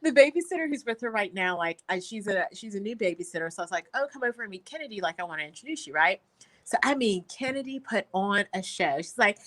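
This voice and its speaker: A woman in her thirties, a guest telling chatty, lively stories in a casual talk. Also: a little high, fast talker. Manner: lively, chatty storyteller who acts out quotes. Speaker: guest, construction company owner. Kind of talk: casual chat on a live show.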